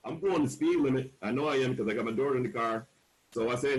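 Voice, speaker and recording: A man's voice: mid-range voice, fast talker, a little mellow, rough recording. A man in his forties telling a personal story on a discussion panel, frank and emphatic, acting out the voices of people he quotes. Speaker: panel speaker.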